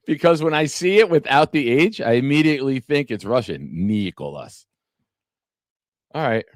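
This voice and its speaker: A man's voice: a little high, expressive, a little fast, few pauses, dry recording, studio quality. A man hosting a casual live-streamed sports talk show, chatting with viewers by name and reading from an article. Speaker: podcast host.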